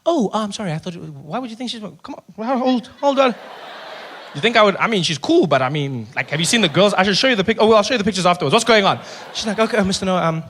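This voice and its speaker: Fast, high-pitched animated stand-up comedian. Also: male voice, a little hiss or hum. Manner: animated, acts out characters with sudden loud outbursts. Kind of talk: stand-up storytelling. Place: theater stage before a live audience.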